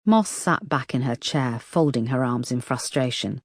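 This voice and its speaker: A woman narrating an audiobook in a steady, even manner. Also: rumbling low, moderate pace, hardly any pauses, dry recording, studio quality. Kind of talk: scripted narration.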